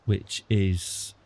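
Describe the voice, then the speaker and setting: A British man streaming a strategy game, chatting through it and getting excited and apologetic in turns. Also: deep voice, gravelly, husky. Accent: British English. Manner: chatty, easily excited, apologetic after outbursts. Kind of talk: live game commentary.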